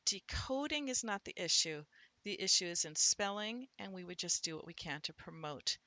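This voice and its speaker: Bright, dry-voiced woman teaching phonics. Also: fairly low pitch, lively intonation, no echo. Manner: thinks aloud, sounds words out slowly. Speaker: literacy instructor. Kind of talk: explanatory teaching talk.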